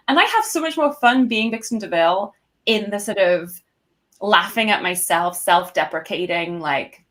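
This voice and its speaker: A woman's voice: medium pitch, normal speed. A woman in her thirties with a British accent blurred by some American, chatting loosely as a podcast guest. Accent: British, mixed with some American. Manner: chatty, self-deprecating, loose and relaxed delivery. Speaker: guest burlesque performer. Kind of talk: casual podcast chat.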